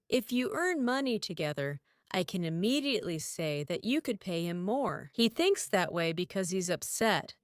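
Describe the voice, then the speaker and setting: A woman's voice: mid-range voice, dry recording, studio quality. A woman giving a tarot reading, musing aloud and repeating herself as she talks straight to the viewer. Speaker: tarot reader.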